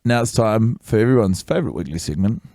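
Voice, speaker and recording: A man co-hosting a comedy podcast, rambling and halting in casual chat. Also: on the low side, lively intonation, dark tone, no room sound, studio quality. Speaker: podcast co-host.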